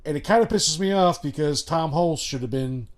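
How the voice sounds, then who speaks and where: Rambling, profane man from Chicago, fairly high. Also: normal speed. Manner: rambling, profane, full of restarts and asides. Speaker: podcast co-host. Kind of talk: casual chat. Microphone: remote call.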